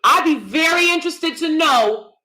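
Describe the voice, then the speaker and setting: Blunt, bright-voiced woman streamer. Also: high-pitched, animated, normal speed. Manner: blunt, emphatic, repeats herself. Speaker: commentary channel host. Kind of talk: live-stream commentary.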